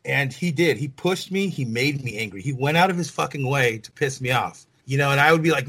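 A man's voice: mid-range voice, brisk, few pauses, pushed and bright, slightly rough, rough recording. A middle-aged man, a former rock band lead singer, telling stories in an interview in a rambling, profane way full of "you know.". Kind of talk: casual interview storytelling.

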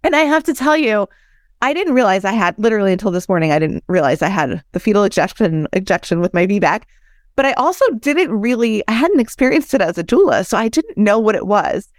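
A woman in her thirties, a doula and founder, telling her own birth story as a podcast guest in an animated, candid way and acting out what people said. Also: medium pitch, a little fast, no room sound, studio quality. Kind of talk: personal storytelling in conversation.

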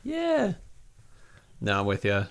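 A man's voice: fairly low pitch, wildly swooping pitch, takes it slowly, creaky. A man co-hosting a podcast in casual chat, easygoing and hesitant, with many ums. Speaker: podcast co-host.

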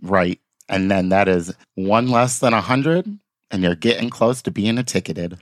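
A man's voice: lowish voice, measured pace, no room sound, clean studio sound. A man co-hosting a casual podcast, joking and swearing as he tells stories. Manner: joking, lively storytelling. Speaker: podcast co-host.

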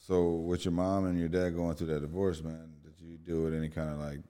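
Male host, very deep voice, laid-back, short prompts, casual chat. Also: flat delivery, a little fast, warm tone, clean tone. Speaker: podcast host.

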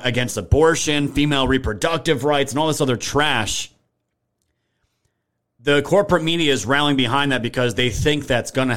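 A man hosts a live stream, ranting heatedly and swearing freely. He reads out chat messages between his rants. His voice sits at an everyday middle pitch. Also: a bit bright. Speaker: livestream political commentary host.

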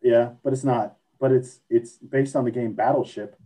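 A man with a warm, mellow voice co-hosting a podcast. He talks in a loose, crude, joking way and reads slang entries aloud. His delivery is relaxed and casual. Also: mid-range voice, moderate pace, low-quality recording. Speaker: podcast co-host. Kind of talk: casual chat.

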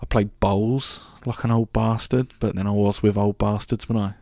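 A man in his twenties or so tells a travel story in a loose, chatty way, swearing and restarting often. His voice is lowish and gravelly. The recording is dry and close. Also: fairly even intonation, normal speed, dark tone, no room sound. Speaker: podcast host. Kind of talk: casual storytelling monologue.

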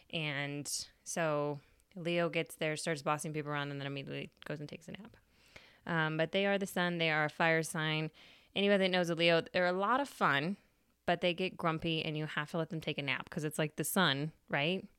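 A woman's voice: on the low side, normal speed, a bit bright, clear, resonant tone, no room sound, clean studio sound. A woman hosting a podcast, telling a story in a chatty, casual way with free swearing. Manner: chatty, swears freely, laughs. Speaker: podcast host.

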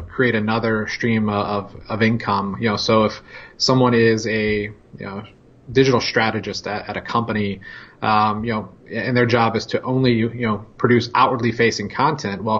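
Male guest, low husky voice, measured delivery, dull lo-fi audio. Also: a bit bright. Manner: measured, heavy on "you know" fillers. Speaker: interview guest. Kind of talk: casual interview chat.

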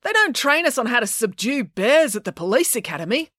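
A woman's voice: fairly high pitch, big pitch swings, fairly quick, a bit bright, no echo, clean studio sound, voice pushed up. Woman playing a bumbling officious constable. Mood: flustered. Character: bumbling male police constable.

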